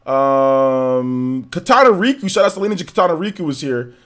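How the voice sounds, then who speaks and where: Guy streaming games, shouting out chat, voice kinda worn, laid back. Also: medium pitch, a little fast. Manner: casual, energetic shout-outs to chat. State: voice still recovering, slightly worn. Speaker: gaming streamer. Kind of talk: live stream chat, greeting viewers.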